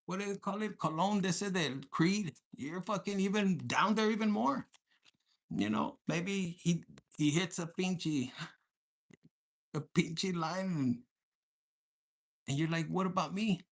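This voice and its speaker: A man's voice: high voice, takes it slowly, long pauses. Crude, joking male tarot reader. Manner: crude, profane and joking, mixing in Spanish slang. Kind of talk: casual tarot reading vlog.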